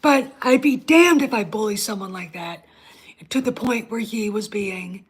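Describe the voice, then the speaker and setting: A woman's voice: medium pitch, expressive, unhurried, slightly rough. A woman hosting her own online show, ranting bluntly and with plenty of swearing while talking straight to her live chat. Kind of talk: casual livestream rant.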